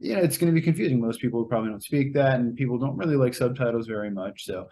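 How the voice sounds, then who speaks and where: A man's voice: medium pitch, animated, fast talker, warm tone, a little hiss or hum. A man giving a casual, rambling spoken movie review, with many fillers and restarts. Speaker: movie reviewer, show co-host.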